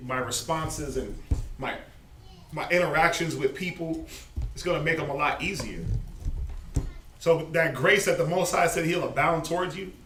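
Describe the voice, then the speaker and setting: A man teaching a Bible study in a loose, slangy, animated way, laughing often. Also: on the high side. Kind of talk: informal preaching. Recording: echoey, distant, faint noise.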